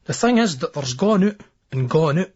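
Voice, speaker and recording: A man's voice: fairly high pitch, expressive, normal speed, darkish tone, husky. A man with a Scottish accent narrating a novel in the first person, in a brash, crude, swaggering voice. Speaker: audiobook narrator. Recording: dull lo-fi remastered old tape.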